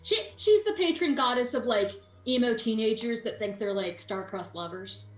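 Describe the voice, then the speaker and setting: A woman running a tabletop game as game master in casual chat, animated and playful, often slipping into silly voices. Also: on the high side, normal speed, roomy sound, faint music behind.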